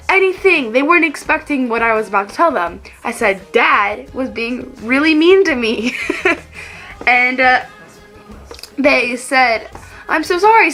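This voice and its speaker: This Texas teen vlogger has a high, slightly bright voice. Chatting casually to the camera, she giggles through stories from her childhood and performs the lines she said when she was little.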